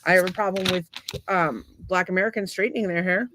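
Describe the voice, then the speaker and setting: A woman's voice: lowish voice, fairly even intonation, quick pace, background noise. A woman co-hosting a casual podcast with her husband, rambling through blunt, profane stories and opinions. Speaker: podcast co-host. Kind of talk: casual crude banter.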